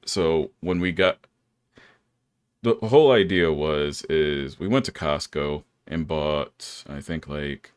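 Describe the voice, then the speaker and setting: A man's voice: very deep voice, takes it slowly, clean tone, no room sound, clean studio sound. A young man hosting a podcast, telling stories in a laid-back way and laughing often. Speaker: podcast host. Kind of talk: casual chat.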